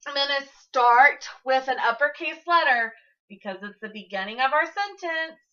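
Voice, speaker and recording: A woman teacher giving an early-grade classroom lesson to camera, sing-song and encouraging, speaking slowly for young children. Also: high-pitched, animated, sharp tone, highs cut off.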